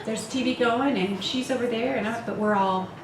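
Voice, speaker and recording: A woman in her fifties with a fairly high voice talks at normal speed to a women's retreat, candid and quick to laugh and poke fun at herself. The retreat meeting room is echoey, the mic is distant, and the recording is noisy.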